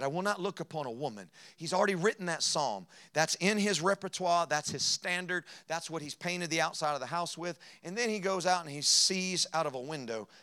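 Pastor, male, high and forceful voice, impassioned sermon that drops to quiet asides. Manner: impassioned preaching, swinging between loud emphasis and quiet asides; slows down to read scripture.

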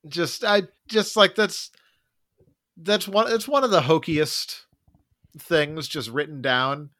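A man talking through a film on a podcast, thoughtful and wry, often hedging. His voice is a little high. It has a bright, sharp tone. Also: takes it slowly. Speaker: podcast co-host. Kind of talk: casual movie discussion.

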